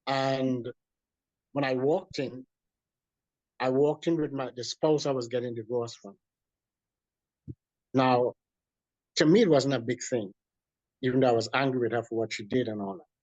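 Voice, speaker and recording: A man, a guest in an interview, telling a personal story in an animated way with many restarts. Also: medium pitch, normal speed, pauses often, no echo. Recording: dull lo-fi dry sound.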